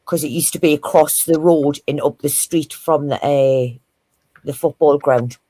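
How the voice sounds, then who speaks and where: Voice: medium pitch, steady tone, unhurried, dark tone, no room sound. A panel guest on a live stream who teases the host and swears casually while chatting. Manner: blunt, swears casually, teasing. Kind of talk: casual chat.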